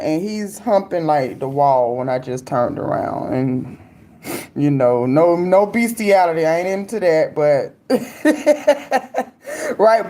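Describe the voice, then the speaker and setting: A woman's voice: mid-range voice, mellow. Young adult woman, chatty casual host, slangy and laugh-prone, mid-range voice. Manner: loose, talkative, laughs often, slangy. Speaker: livestream host reading viewer comments. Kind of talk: casual commentary chat.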